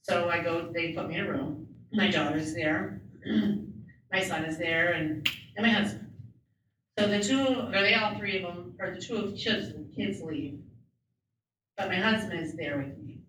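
A woman's voice: fairly low pitch, measured pace, pauses often, background noise. A woman interpreter voicing a first-person personal story in a plain, conversational way, with small restarts. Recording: very echoey room, distant mic, faint ambience.

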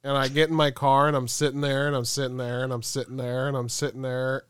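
A man's voice: mid-range voice, fast talker, smooth, dry recording, clean studio sound. A man co-hosting a comedy podcast, telling a story and acting out the dialogue, swearing freely. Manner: animated, acts out quoted dialogue, swears freely. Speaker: podcast co-host.

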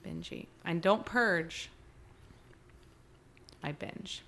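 A woman's voice: lowish voice, extremely slow, vocal fry, fairly bright tone, slight background noise. A woman co-hosting a podcast, asking wry, teasing questions in a casual chat. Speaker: podcast co-host.

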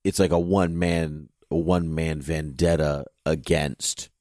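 A man's voice: a bass voice, flat delivery, slow pace, darkish tone, no echo, studio quality. A man co-hosting a podcast in a casual chat, rambling and leaning heavily on "you know" as he thinks aloud. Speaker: podcast co-host.

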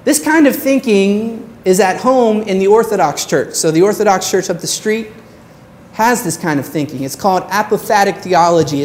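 A woman's voice: mid-range voice, darkish tone, slight background noise. Earnest woman preaching a sermon. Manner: earnest preaching, slows down on key phrases. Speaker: pastor.

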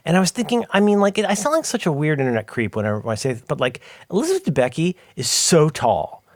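A man's voice: a little high, big pitch swings, fast, no room sound, studio quality. A middle-aged man co-hosting a podcast, chatting casually in rambling, self-interrupting, jokey stories. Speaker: podcast co-host. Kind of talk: casual chat.

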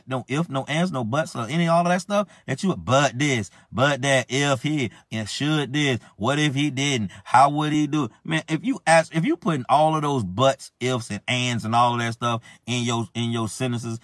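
A man's voice: mid-range voice, fairly bright tone. A man delivers an informal, impassioned sermon in a mid-range voice, piling up repeated phrases and calling out his listeners in everyday speech. The sound is dry and close, with no room echo. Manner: emphatic, repetitive, colloquial, calls listeners out directly. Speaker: self-described prophet preaching.

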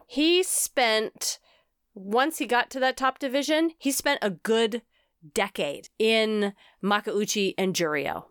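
Chatty woman co-host, smooth dry voice. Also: medium pitch, dry recording. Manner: chatty, animated, often tags okay? on sentences. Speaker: podcast co-host. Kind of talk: casual chat.

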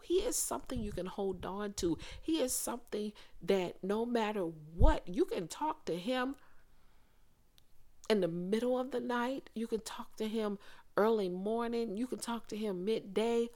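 A woman hosting a faith-based podcast, speaking to listeners in an earnest, conversational way with pauses and restarts. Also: medium pitch, a little mellow. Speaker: podcast host.

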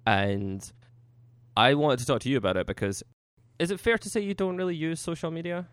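A man's voice: fairly high pitch, fairly quick, no echo, studio quality. A man co-hosting a casual podcast, steering the talk with plenty of uh and um fillers, speaking over a computer mic. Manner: steady, organizing, with many uh and um fillers. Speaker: podcast co-host. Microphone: computer mic on a Skype call.

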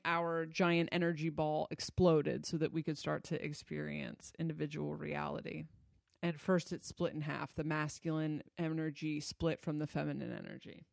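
Blunt, swearing relationship coach with a fry-heavy voice, casual monologue. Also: mid-range voice, dry recording, clean studio sound. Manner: blunt, swears freely, loose and conversational.

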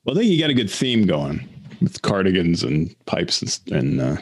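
A man co-hosting a casual chat, rambling and halting, laughing often and mimicking voices in his stories. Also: sits low, very animated, slightly rough, no echo. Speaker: podcast co-host.

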